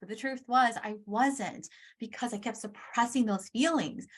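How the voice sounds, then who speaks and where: A woman's voice: fairly high pitch, normal speed. A young woman hosting a podcast, telling a personal story in a candid, emphatic, casual way, with the odd swear word. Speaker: podcast host.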